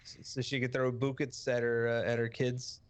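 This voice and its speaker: A man's voice: mid-range voice, little pitch movement, normal speed, smooth. A man, a guest streamer, chatting casually in a crude, jokey way with frequent swearing. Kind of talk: casual podcast chat.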